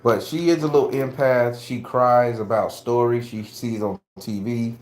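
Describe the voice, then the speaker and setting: A man's voice: medium pitch, steady tone, unhurried, darkish tone. A blunt, profane middle-aged man talking casually to his viewers, laughing easily. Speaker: spiritual vlogger and father. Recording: echoey room.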